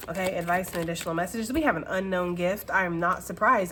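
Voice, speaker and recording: A woman's voice: medium pitch, fast talker, few pauses, a bit bright, slight background noise. Woman, tarot reader, casual chatty reading, repeats herself, laughs often, recorded at home.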